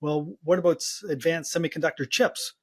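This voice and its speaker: A man hosting an interview, putting measured, thoughtful questions to his guest. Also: a little high, fairly even intonation, darkish tone. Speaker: interview host.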